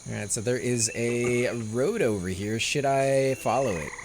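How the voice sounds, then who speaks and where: A man's voice: mid-range voice, a little slow, noisy background. A man hosting a gameplay session, chatting casually with friends and thinking aloud as he plays. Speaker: gameplay host. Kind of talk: casual voice chat while playing.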